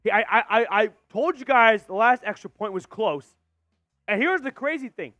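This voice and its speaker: A man hosting a live stream and calling a football game as a fan, getting excited and shouting on big plays. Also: high voice, normal speed, no echo, dull audio. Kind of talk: fan play-by-play commentary.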